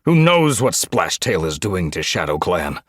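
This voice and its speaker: Furious old tomcat leader, as a man puts him on, growling, husky, dry audiobook sound. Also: low voice, sing-song, measured pace, no echo, heavily acted. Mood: frustrated. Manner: growling, hot-tempered.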